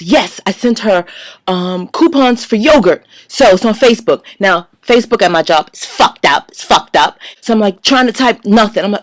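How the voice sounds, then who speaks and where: A woman casually telling her side of a story, animated, acting out her own quoted lines and swearing freely. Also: mid-range voice, moderate pace, dry recording.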